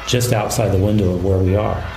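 Low gravelly priest in an echoey room. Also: male voice, noisy background. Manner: calm, measured storytelling. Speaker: Catholic priest and exorcist. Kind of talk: recounting a case in an interview.

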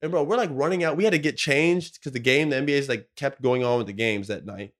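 A man's voice: medium pitch, fast, fairly bright tone. A man in his thirties, a podcast co-host, telling an emotional story in slangy, profane casual talk full of "like" and "bro". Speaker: podcast co-host, former pro basketball player.

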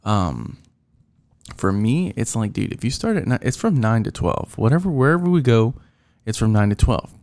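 A man's voice: lowish voice, very animated, moderate pace, darkish tone. A man ranting casually about his coworkers, rambling and frustrated, with lots of fillers and restarts. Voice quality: gravelly. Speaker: driver venting about work.

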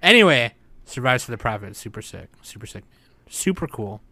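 Bright-voiced young man chatting casually. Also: mid-range voice, sing-song, a little fast, no echo. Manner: laughs a lot, loose and profane. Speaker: podcast host. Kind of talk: casual chat.

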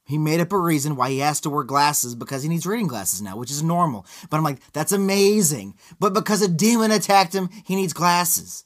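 A man riffs sarcastically in loose podcast chat. His voice sits a bit high, and he rambles from point to point with frequent swearing. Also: expressive, a little fast, few pauses, fairly bright tone. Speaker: podcast co-host. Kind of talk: casual banter.

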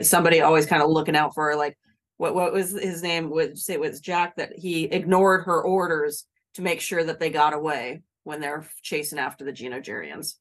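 A woman in a casual book chat over an online call, hesitant and searching for words. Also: low-pitched.

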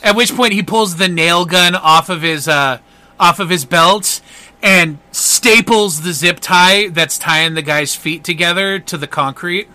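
A man narrating as game master of a tabletop game, animated and quick to laugh. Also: high-pitched, soft background music.

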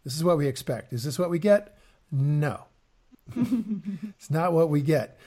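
A man's voice: fairly high pitch, lively intonation, unhurried, warm tone. A man co-hosting an investing podcast in casual chat, often repeating words and using fillers as he explains. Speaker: podcast co-host.

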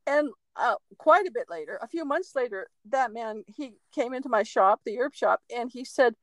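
A woman co-hosting a podcast, a medium telling a story in a lively, chatty way with laughs and acted-out quotes. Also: fairly high pitch, moderate pace, few pauses, no room sound, rough recording. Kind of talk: casual storytelling chat.

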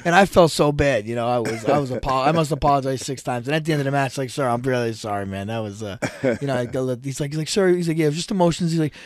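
A man, a wrestling coach hosting a casual chat, telling stories animatedly and acting out quotes with sudden loud outbursts. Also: mid-range voice, racing, no room sound, clean studio sound. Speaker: podcast host, wrestling coach.

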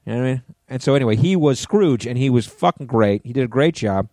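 A middle-aged man chats on a podcast in a relaxed, mellow voice. His stories wander, with plenty of restarts and casual swearing, and the close, dry studio sound keeps him right up front. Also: mid-range voice, fast, dry recording. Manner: rambling storyteller with many restarts and profanity. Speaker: podcast co-host. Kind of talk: casual chat.

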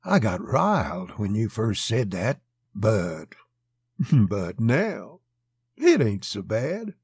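A man with a gravelly voice voicing a scheming gangster in a pulp story, speaking in a low, menacing whisper. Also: sing-song, takes it slowly, a little mellow, no echo, full character voice.

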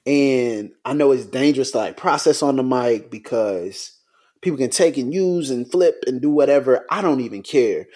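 A man co-hosting a podcast in a casual, conversational way, his voice sitting at an ordinary middle pitch. He speaks with raw emotion and frustration, and his sentences stop, restart and trail off as he searches for words. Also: animated, normal speed, darkish tone. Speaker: podcast co-host.

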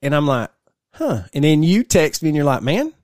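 A man's voice: a little high, animated, fast talker, a little mellow, dry recording, studio quality. A man co-hosting a casual podcast, rambling through stories and laughing often. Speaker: podcast co-host.

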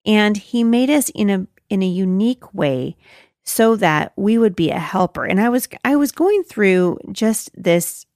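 A woman's voice: medium pitch, expressive, measured pace, darkish tone, no echo, clean studio sound. A middle-aged woman hosting a faith-based motherhood talk, speaking earnestly and with animation, often restarting her sentences. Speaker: podcast host.

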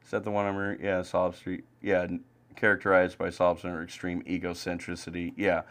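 A young man co-hosting a podcast, ranting angrily and profanely about baseball, swinging between loud outbursts and low mutters. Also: monotone, fast talker. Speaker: podcast co-host. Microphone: home streaming mic.

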